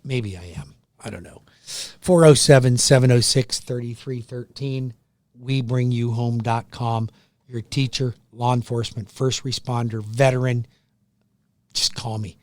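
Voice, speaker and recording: A middle-aged man hosting a radio show, loud and pushy, joking at his own expense and going a bit hoarse from yelling. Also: medium pitch, moderate pace, no room sound. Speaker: radio show host, mortgage lender. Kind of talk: energetic radio sales pitch. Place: radio studio.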